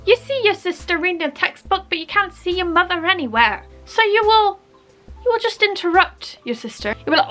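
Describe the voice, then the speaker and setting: Playful and chatty, a young Bristolian woman from Bristol, England, acts out little scenes for her comedic vlog. She speaks briskly in a very high, animated voice with a sharp tone, and soft music plays in the background.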